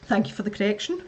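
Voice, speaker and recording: A woman's voice: high-pitched, highs cut off, noisy background. A woman hosting a casual live stream, chatting to her viewers as she builds, laughing often and muttering to herself. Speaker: livestream host.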